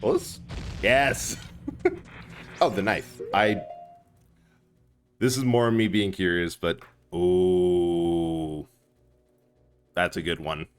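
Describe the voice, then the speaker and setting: A man's voice: deep voice, fairly even intonation, extremely slow, pauses often, clean tone. A young man live streaming a game, chatting and laughing with his chat while putting on a cobbled-together Scottish accent, recorded at home. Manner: chatty, laughs often, talks to chat by name. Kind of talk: casual gameplay stream chat. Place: hot room at home. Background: game music.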